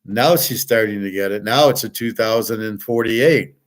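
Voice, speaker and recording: A man's voice: fairly low pitch, moderate pace. An older man hosting a show, talking in a rambling, blunt personal monologue with frequent profanity. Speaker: show host.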